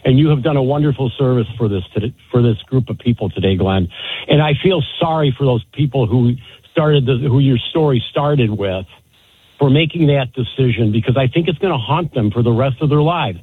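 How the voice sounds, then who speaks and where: A middle-aged man calling in to a radio show, speaking in a warm, grateful, measured way. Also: medium pitch, husky. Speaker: caller. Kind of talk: call-in radio talk. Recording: tinny phone line.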